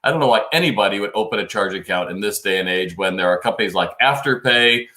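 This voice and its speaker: Male host, low voice, bright and forceful, chatty live-stream advice, echoey room. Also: animated, fast. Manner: chatty and advisory, reads out viewer comments. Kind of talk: casual live-stream talk, answering viewer questions. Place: home studio, New York.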